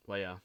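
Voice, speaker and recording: A young man hosting a casual online podcast chat, rambling, swearing a lot and laughing often. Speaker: podcast host.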